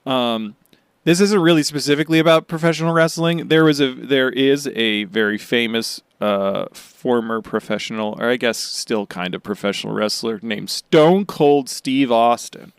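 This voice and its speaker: Podcast guy rambling and joking, smooth clear voice, dry close mic. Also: mid-range voice, normal speed, dry recording. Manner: jokey, rambling with fillers and laughs. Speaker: podcast co-host. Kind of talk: casual chat.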